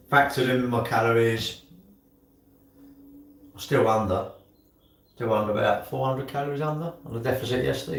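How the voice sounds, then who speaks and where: A man's voice: mid-range voice, creaky. Rambling man, echoey kitchen. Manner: rambling, muttering to himself while doing chores. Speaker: livestreamer. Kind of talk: casual live-stream chat. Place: home kitchen. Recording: echoey room, mic set far off.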